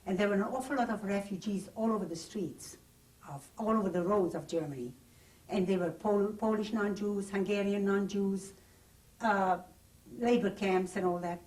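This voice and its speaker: A woman's voice: mid-range voice, moderate pace, darkish tone. Older woman testifying from memory, plain and vivid, a bit distant on the tape. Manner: plain, vivid first-person recollection. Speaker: interviewee. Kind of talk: oral history testimony. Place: private home.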